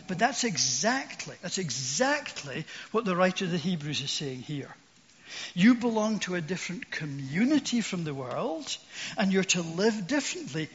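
A man's voice: high-pitched, long reverb tail, dull audio. An older man preaching a sermon, earnest and asking his listeners questions.

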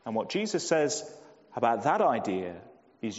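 A man preaching a sermon, measured and emphatic, slowing down and dropping low on key phrases. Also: very animated. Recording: dull lo-fi sound in a long-reverb hall.

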